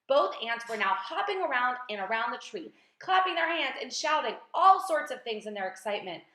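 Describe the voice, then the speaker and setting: A woman's voice: on the high side, brisk. Woman teacher reading a storybook aloud. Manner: lively, expressive storytelling. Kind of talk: reading a children's book aloud. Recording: roomy echo.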